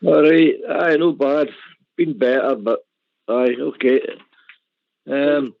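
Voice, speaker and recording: A Scottish man calling in to a radio show and speaking in a plain, measured way. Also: medium pitch, creaky, no echo. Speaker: caller. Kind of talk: casual chat on a call-in show. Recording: tinny phone line.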